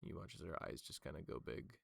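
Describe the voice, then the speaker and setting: A man's voice: fairly quick, fairly bright tone, no echo. A man narrating as game master for a tabletop game, loose and full of fillers.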